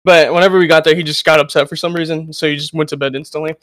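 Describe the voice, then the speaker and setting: A man's voice: fairly high pitch, level tone, very fast, fairly bright tone, no room sound. A man telling a rambling story in casual podcast chat, full of restarts.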